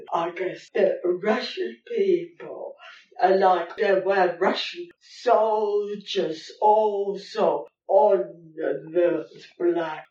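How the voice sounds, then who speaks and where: A woman's voice: on the low side, darkish tone. Older woman, rambling. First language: German. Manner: rambling, halting, many fillers. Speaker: interviewee. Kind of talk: reminiscing interview. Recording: roomy, distant, dull lo-fi recording.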